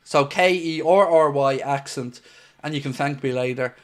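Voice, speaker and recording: Irish guy hosting a live footy stream, slightly higher voice, jokey, keeps saying mate. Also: moderate pace. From Ireland. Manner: chatty and jokey, calls viewers mate. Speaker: host of a football watchalong stream. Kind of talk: casual live-stream chat, reading viewer comments.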